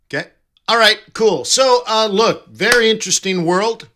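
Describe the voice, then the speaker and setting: Reading out chat messages and joking around, a man hosts a live trading stream and casually responds to viewers. He has a high-pitched, bright, forceful voice and talks at a moderate pace.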